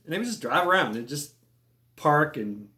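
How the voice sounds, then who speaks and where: A man with a slightly higher voice tells a story in a loose, rambling way. He swears freely and gets animated, throwing in silly sound effects and little noises between his sentences. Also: normal speed. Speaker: vlogger telling a military story. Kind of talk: casual storytelling.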